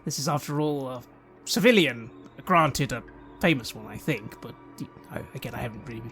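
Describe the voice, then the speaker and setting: A man playing a tabletop game, measured and careful as he explains his character's thinking. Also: medium pitch, animated, gravelly, a bit bright, soft background music. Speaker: player.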